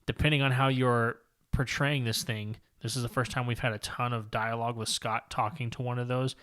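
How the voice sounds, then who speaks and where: A man talking through a comic book story on a podcast, rambling and long-winded. His delivery stays fairly flat in pitch, even when he reads the characters' lines aloud. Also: brisk, clear, resonant tone. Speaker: podcast co-host. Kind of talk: casual comic book discussion, reading panels aloud.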